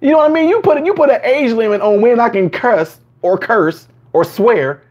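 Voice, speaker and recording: A man hosting a live chat stream, talking casually to viewers and acting out quotes in higher voices. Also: fairly quick, highs cut off. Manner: animated, acts out quotes in higher voices, laughs often.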